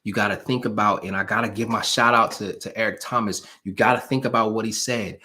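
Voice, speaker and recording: A man's voice: lowish voice, steady tone, brisk, few pauses, bright, forceful tone. A man hosting a live stream, giving a motivational pep talk to his viewers with emphatic, preacher-like repetition and a casual way of speaking to them directly. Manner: casual, talks straight to the audience.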